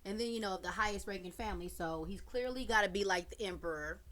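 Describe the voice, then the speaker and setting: A woman's voice: medium pitch, fast talker. A woman host giving chatty, slangy reaction commentary on a comic she reads. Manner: chatty, animated, slangy asides. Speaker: channel host reading a comic.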